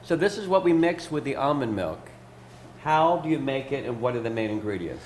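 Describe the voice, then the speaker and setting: A man's voice: mid-range voice, sing-song, fairly quick, a little mellow, a little hiss or hum. A man hosting a casual cooking chat, asking the guest short questions and joking about how words are said. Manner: asks short questions, jokes about pronunciation. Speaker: host. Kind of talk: casual interview.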